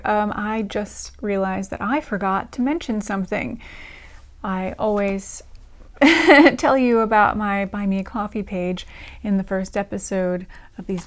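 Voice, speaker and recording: Chatty woman host talking casually. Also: mid-range voice. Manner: chatty, rambling with fillers and laughs. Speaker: diary reading channel host. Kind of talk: casual chat to camera.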